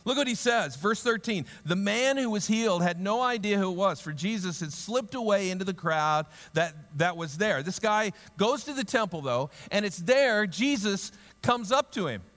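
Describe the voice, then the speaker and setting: A man with a fairly high voice preaches a sermon in a large hall, and his words ring out with a long reverb. He tells the story with humor and acts out its people in voices. He then turns quiet and earnest. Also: expressive, normal speed, hardly any pauses. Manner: drops to a low, quiet, earnest tone. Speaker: pastor.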